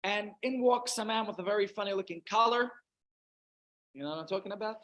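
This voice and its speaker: A rabbi with a Russian accent tells a long humorous anecdote, chatting away and interrupting himself. His high voice is a bit bright and a little fast, and the recording quality is low.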